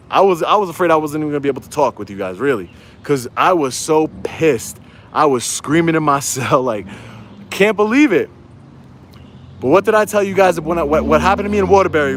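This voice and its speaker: A man with a fairly high voice rants into his phone outdoors during a livestream. He is heated and repetitive, and he keeps rallying his viewers. Faint street noise hums behind him. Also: fairly bright tone. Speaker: YouTube auditor livestreaming. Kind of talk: angry livestream rant.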